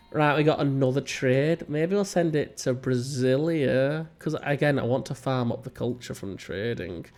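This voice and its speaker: A man from England with a broad Northern English accent talks through a strategy game. He rambles, teases himself and cracks jokes while he plays, in a medium-pitched voice. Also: darkish tone. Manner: rambling, self-mocking and jokey. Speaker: let's play host. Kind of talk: casual gameplay commentary.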